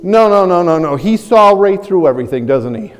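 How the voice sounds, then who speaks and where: A man preaching a sermon as pastor, animated and acting out the voices of people he quotes, chuckling often. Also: sits high, a little fast, clean tone, long reverb tail.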